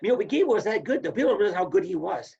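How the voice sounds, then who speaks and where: Gravelly older man telling stories. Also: high-pitched, very fast. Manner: animated storyteller, acts out quotes. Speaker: podcast guest, former wrestler. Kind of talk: casual storytelling. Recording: dull lo-fi audio.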